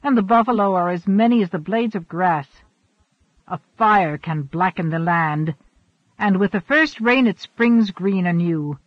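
A man reading the part of a bold, boastful young hunt leader in an audiobook, speaking loudly and defiantly. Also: high voice, a little slow, dry recording. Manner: loud, emphatic, defiant. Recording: dull, dry recording.

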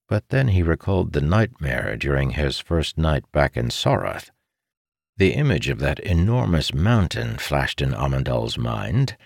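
A man narrating a fantasy audiobook in a steady, expressive way. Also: extremely low pitch, gravelly, no echo, clean studio sound.

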